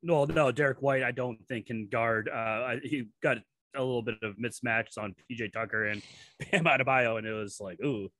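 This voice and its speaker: Casting note: New England man, bright and forceful, dry close mic, blunt and profane podcast co-host. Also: medium pitch, steady tone, moderate pace, no echo. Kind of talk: casual sports chat.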